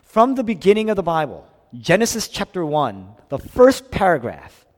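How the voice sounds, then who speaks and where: A male pastor preaching with a lively, animated pitch, rising to loud emphasis and then dropping to near-hushed lines. His voice carries a long reverb, as if recorded in a big church sanctuary. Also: moderate pace. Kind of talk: sermon.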